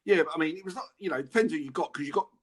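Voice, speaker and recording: A middle-aged Englishman who used to play football chats through stories in a podcast interview, laughing as he goes. His voice sits a little high, with lively intonation, a rapid-fire delivery and a slightly rough texture.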